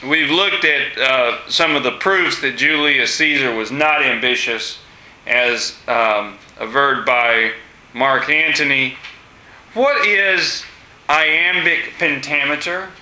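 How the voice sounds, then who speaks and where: A man teaching a class, asking students questions with many pauses and fillers. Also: mid-range voice, pushed and bright. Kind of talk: classroom discussion lesson. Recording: echoey room.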